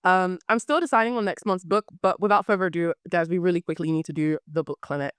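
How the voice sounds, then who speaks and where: A young woman hosts a casual book podcast, her voice slightly hoarse yet smooth and resonant. She talks animatedly and repeats words for emphasis. The sound is dry and close, with no room echo. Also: lowish voice, quick pace. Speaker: podcast host.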